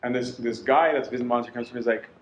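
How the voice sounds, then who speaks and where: A man in his thirties giving a lecture, telling a story in lively, animated way and quoting others in dialogue. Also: mid-range voice, rapid-fire, echoey room, lo-fi sound.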